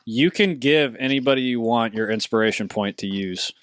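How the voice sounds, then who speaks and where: A man's voice: mid-range voice, normal speed, fairly bright tone, clean tone, no echo. A man running a tabletop game for friends, rambling with restarts and laughing asides. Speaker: game master.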